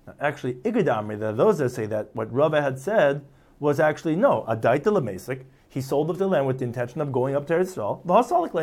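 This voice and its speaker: A man's voice: a little high, darkish tone. A man teaching a Talmud passage, reading phrases aloud and then explaining them in casual English, acting out the speakers now and then. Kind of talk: explaining a text line by line.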